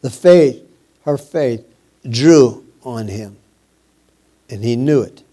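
A man preaching a sermon, slow and emphatic, repeating phrases and letting his voice drop at the ends of lines. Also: medium pitch, lively intonation, mellow.

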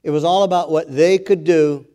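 A man's voice: fairly high pitch, fairly even intonation, moderate pace, mellow, smooth. A man preaching a sermon, earnest, with self-deprecating asides, rising in force when he exhorts.

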